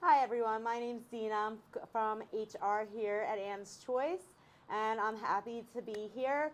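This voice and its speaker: Chatty lady hosting trivia, kinda high voice, lots of ums. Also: fairly even intonation, a little slow. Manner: chatty, laughing, with many fillers. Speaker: trivia co-host.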